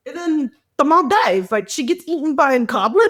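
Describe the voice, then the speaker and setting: Animated, higher-voiced woman podcast co-host. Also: brisk, hardly any pauses. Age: adult. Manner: animated storytelling with quoted asides. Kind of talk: casual chat.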